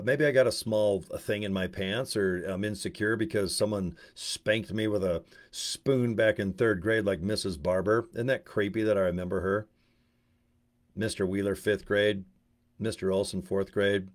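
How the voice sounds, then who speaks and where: A man's voice: lowish voice, moderate pace. A man giving a casual, rambling, blunt monologue to camera as an online business promoter.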